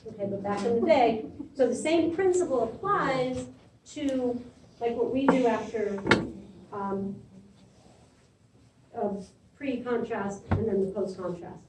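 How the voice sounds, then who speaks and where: A woman's voice: on the high side, takes it slowly, background noise. A middle-aged woman teaching a classroom lecture in a conversational way, often checking in with "okay?". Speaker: imaging instructor. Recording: echoey room from far off.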